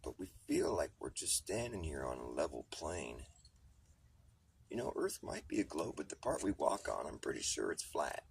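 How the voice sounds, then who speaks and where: Deep gravelly dude mumbling conspiracy stuff half whispered, swears a lot, pitch all over the place. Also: male voice, very animated, normal speed, far from the mic, a little hiss or hum. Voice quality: often half-whispered, hushed. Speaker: livestreamer. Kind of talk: rambling conspiracy monologue.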